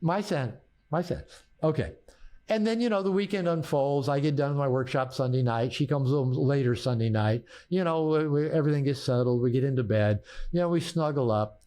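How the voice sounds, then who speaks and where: A man's voice: medium pitch, a little fast, dark tone. An older man, a therapist and author, telling personal stories in a podcast conversation, repeating words as he restarts and laughing at his own punchlines.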